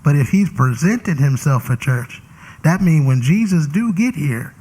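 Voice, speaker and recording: A man's voice: a little high, expressive, unhurried, warm tone, husky. A man hosting a casual interview show as a bishop, talking in a playful, preachy way. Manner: playful, preachy, Southern Black church vernacular. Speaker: talk show host and bishop.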